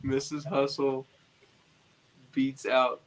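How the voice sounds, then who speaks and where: A man's voice: mid-range voice, monotone, slow, rough recording. A man from Ohio, a guest on a casual podcast, speaking in an easygoing, laid-back way. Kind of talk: casual chat.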